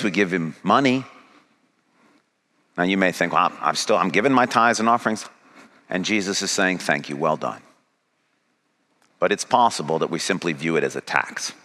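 A man's voice: low-pitched, expressive, moderate pace, pauses often, pushed and bright. Man preaching a pressing sermon. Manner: paraphrases Jesus' words, rising and pressing as he builds. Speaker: pastor.

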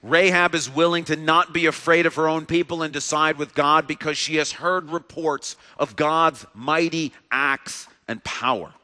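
A man's voice: on the high side, fairly even intonation, moderate pace, hardly any pauses, sharp tone. Earnest male pastor preaching in a hall. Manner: earnest, repetitive preaching cadence. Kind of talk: sermon. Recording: long reverb of a large hall.

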